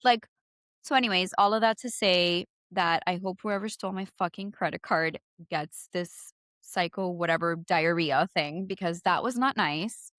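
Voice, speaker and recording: Animated woman with an accent, storytelling. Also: on the low side, normal speed, no room sound, studio quality. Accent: non-native English. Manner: animated, swearing, acts out both sides of phone calls. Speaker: podcast co-host. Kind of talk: casual storytelling chat.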